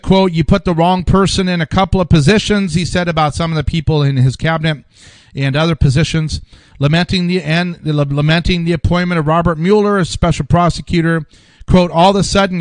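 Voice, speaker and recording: A man's voice: on the high side, no room sound. A man hosting a casual political commentary show, rambling through an article with frequent restarts and repeated words.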